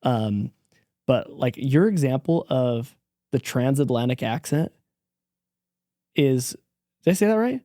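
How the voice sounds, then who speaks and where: Man, podcast host, mellow warm tone, enthusiastic, agreeable, dry close mic. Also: mid-range voice, expressive, slow pace, pauses often, no room sound. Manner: enthusiastic, frequent agreeing interjections. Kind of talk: casual podcast conversation.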